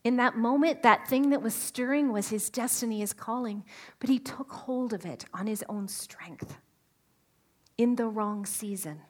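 Woman preaching a lively sermon. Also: fairly high pitch, unhurried. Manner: animated, asks the audience questions; drops to a whisper for emphasis.

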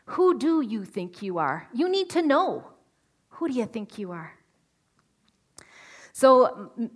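A woman preaching a sermon, animated and asking her listeners questions, sometimes dropping to a whisper for emphasis. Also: on the high side. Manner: animated, asks the audience questions.

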